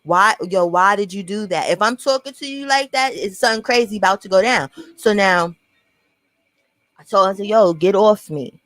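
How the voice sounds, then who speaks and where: A woman's voice: mid-range voice, moderate pace, fairly bright tone, no room sound, poor audio. A young woman with a New York accent telling a personal story to camera in a blunt, profane storytime vlog, talking straight to her viewers.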